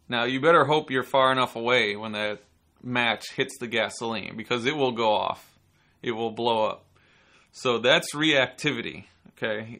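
A man hosting a podcast and giving casual self-defense instruction, relaxed and chatty, sometimes acting out angry people. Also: mid-range voice. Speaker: podcast host and martial arts instructor.

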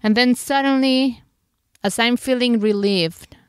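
A woman's voice: fairly high pitch, a little slow, smooth, no room sound, studio quality. A woman podcast host candidly retelling an emotional personal story, acting out her own inner thoughts as she goes.

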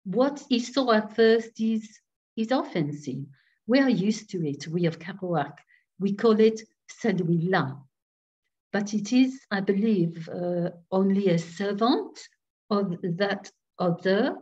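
A woman's voice: medium pitch, expressive, darkish tone. A woman doing a grave old village priest. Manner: slow, solemn, measured. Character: grave devout male French village priest. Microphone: video call. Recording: dull video call audio.

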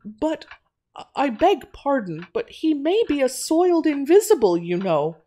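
Woman doing a stammering nervous young gentleman. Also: fairly high pitch, measured pace, voice pushed up. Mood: anxious. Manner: stammering, hesitant, fussy politeness. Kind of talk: audio drama reading.

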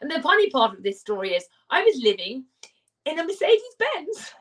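A woman speaks in a fairly high voice, telling her own story with earnest, emphatic repetition. Her voice sits a little back from the microphone. It sounds like a motivational speaker addressing listeners. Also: sing-song, a little fast, a bit bright, far from the mic, rough recording. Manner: earnest, emphatic, with repeated phrases. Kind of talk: personal storytelling talk.

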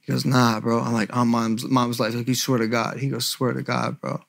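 A man's voice: mid-range voice, flat delivery, normal speed, gravelly. A young man hosting a podcast, telling a story in casual, profane, emphatic speech. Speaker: podcast host.

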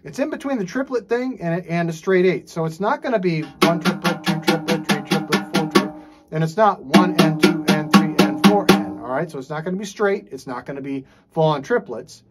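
A man teaching jazz drums in a relaxed, casual way, scat-singing rhythms and checking in with frequent "okay"s. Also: on the high side, normal speed, loud music behind the voice. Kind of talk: casual instructional talk. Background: drum playing.

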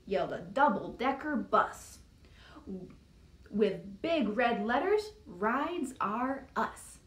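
A woman's voice: fairly high pitch, lively intonation, slow. A woman librarian reading a picture book aloud to young children in a sing-song storytime style, putting on voices. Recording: echoey room, distant mic.

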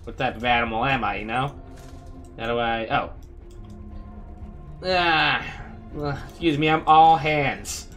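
A man's voice: mid-range voice, measured pace, long pauses, pushed and bright, soft background music. A man hosting a casual let's-play, joking and talking to the characters on screen as he plays. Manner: playful, jokey, talks to game characters. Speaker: gaming video host.

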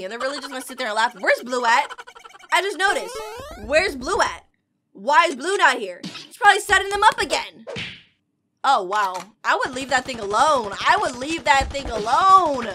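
A woman giving excitable, chatty reaction commentary while watching an animation. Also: extremely high pitch, a little hiss or hum. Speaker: reaction video host.

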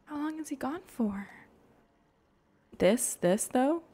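A woman giving soft, gushing commentary while playing a cozy video game at home, often gasping and dropping into whispers. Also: high-pitched, expressive, slow, slight background noise. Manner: soft, gushing reactions, gasps and drops to whispers. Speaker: gaming YouTuber. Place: home room.

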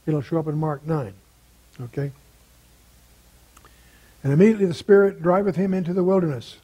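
Older man teaching the Bible, husky voice. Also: sits high, mellow, rough recording. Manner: conversational, asks rhetorical questions.

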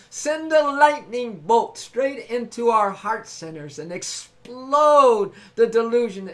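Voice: medium pitch, fairly bright tone. A spiritual livestream host giving an ecstatic, laughing talk, calling out to viewers and breaking into sung affirmations. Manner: exuberant, laughing, calls out to viewers. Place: home live stream.

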